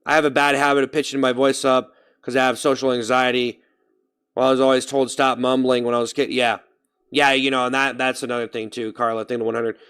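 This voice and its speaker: Brief: young male streamer, smooth clear voice, middle pitch, loose rambling chat. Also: little pitch movement, fairly quick, fairly bright tone. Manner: rambling, thinks aloud about his own speaking voice. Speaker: live streamer. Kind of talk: casual livestream chat.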